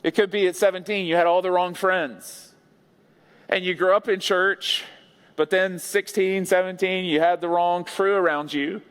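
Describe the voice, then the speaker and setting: A man's voice: sits high, steady tone, normal speed, a bit bright, clear, resonant tone. A male pastor giving an earnest, conversational sermon with playful asides. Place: large church sanctuary. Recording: long church hall reverb.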